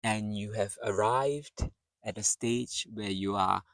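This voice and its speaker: A man's voice: lowish voice, slow pace, fairly bright tone, no room sound. A man teaching English pronunciation outdoors among trees, patiently repeating words to demonstrate sounds. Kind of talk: pronunciation lesson.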